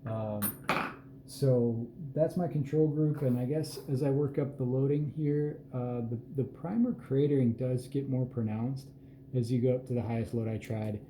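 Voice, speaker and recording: A man giving an unhurried, plain-spoken walkthrough at an indoor reloading bench, with self-deprecating asides. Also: medium pitch, mellow, slight background noise. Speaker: host showing his hand loads. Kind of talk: casual hands-on explanation. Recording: roomy echo with faint ambience.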